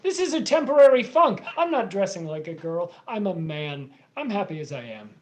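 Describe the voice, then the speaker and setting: A woman reading the part of a lovesick young American man in a live play reading over a video call, with a lively, dramatic rhymed delivery. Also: mid-range voice, moderate pace, natural voice. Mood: earnest.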